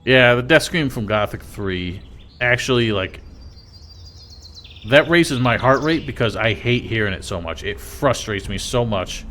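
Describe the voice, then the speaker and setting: A man's voice: medium pitch, animated, unhurried, pushed and bright, faint music behind. A man streaming a video game live, musing aloud in a chatty way and filling his talk with "like". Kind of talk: casual live-stream commentary.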